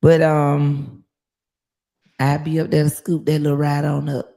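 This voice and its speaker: A woman hosting a casual livestream from her phone, telling stories in a lively, profane way. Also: low-pitched, a little slow. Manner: lively, profane storytelling with laughs. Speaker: livestream host.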